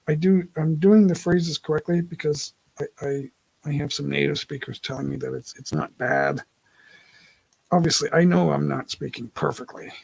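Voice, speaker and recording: Gravelly-voiced man chatting on a livestream. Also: on the high side, lively intonation, moderate pace, a little mellow, no echo, rough recording. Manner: rambling, self-correcting, laughs often. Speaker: livestream host. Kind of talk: casual live-stream chat. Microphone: laptop mic.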